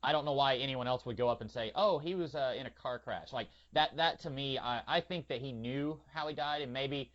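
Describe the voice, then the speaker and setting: A man talks rapidly as he works through a film plot, restarting his sentences and hedging. The podcast audio sounds dull and lo-fi. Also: mid-range voice, fairly bright tone. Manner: quick, hesitant, repeats words. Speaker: podcast co-host. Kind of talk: casual film discussion.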